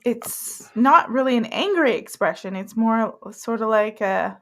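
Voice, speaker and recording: A woman's voice: on the high side, animated, a little slow, a bit bright. A woman hosting a casual podcast chat, talking loosely and often trailing off mid-thought. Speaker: podcast host.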